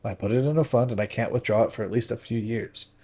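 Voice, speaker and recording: A man voicing a stingy, wisecracking young friend in a read-aloud story, answering with quick, defensive retorts. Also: medium pitch, a little mellow, slightly rough.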